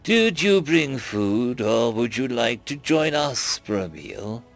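A slow, courteous alien. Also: male voice, medium pitch, very animated, faint music behind. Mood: polite. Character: polite tall Frillian alien crewmate.

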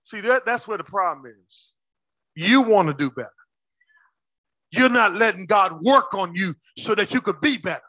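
A male pastor preaching a sermon with call-and-response, swinging between shouts and low asides. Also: lively intonation, moderate pace, no echo.

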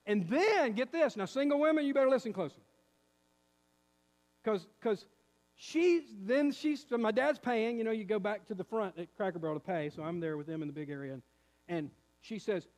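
A pastor in his fifties preaches to his church, telling a story with lively acted-out quotes. His man's voice sits notably high. The sound carries the long reverb of a church sanctuary. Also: moderate pace. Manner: animated storytelling, acts out quotes. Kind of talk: sermon with personal story.

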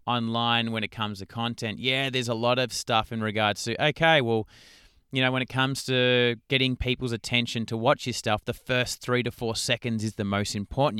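A man talks through his podcast episode in an easy, conversational way, often checking in with the listener. His voice is smooth and resonant, and his tone is neither high nor low. It is recorded close and dry, with no room sound. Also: a bit bright, no echo. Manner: conversational, frequent "right?" check-ins. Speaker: coach and podcast host. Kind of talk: casual solo podcast talk.

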